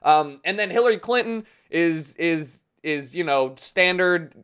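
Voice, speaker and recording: A man's voice: fairly high pitch, expressive, unhurried, a bit bright, clear, resonant tone. A young man ranting casually and sarcastically about politics, swearing often and rambling. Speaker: vlogger.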